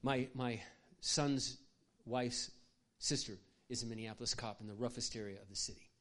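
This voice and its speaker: A man's voice: mid-range voice, steady tone, normal speed, fairly bright tone. An older man who is a pastor, preaching a sermon through personal stories. He speaks passionately and conversationally, with asides to his audience. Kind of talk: sermon storytelling.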